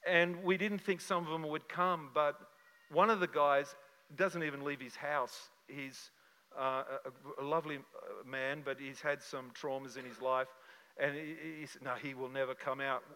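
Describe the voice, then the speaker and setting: An older man from Australia, a pastor telling a personal story to his congregation in an animated, conversational way with many restarts. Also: a little high, a little slow, big-room sound, low-quality recording. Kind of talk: sermon with slide show.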